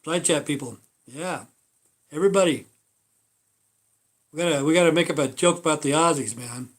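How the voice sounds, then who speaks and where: A man's voice: fairly high pitch, moderate pace. A man hosting a casual livestream, talking in a rambling, profane way with many fillers. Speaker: livestream host.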